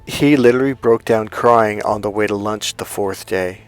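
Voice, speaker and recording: A man's voice: lowish voice, moderate pace, clean tone. Man, dating coach, blunt, emphatic, swears freely, faint background music. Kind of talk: storytelling monologue to camera.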